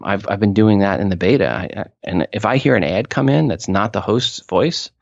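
Man, low voice, gravelly, expert guest in an interview, emphatic, dull lo-fi dry sound. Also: lively intonation, no room sound. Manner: emphatic, quick asides, repeats words when restarting. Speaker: podcast industry expert guest. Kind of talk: conversational interview answers.

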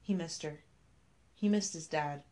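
A woman reading a scripted story aloud, telling it in a measured, even way. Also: deep voice.

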